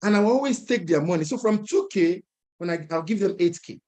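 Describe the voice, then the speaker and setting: A young man speaking at an entrepreneurs' event, telling a personal story in a lively way, chuckling and acting out other people's lines. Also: high-pitched, fairly quick. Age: young adult.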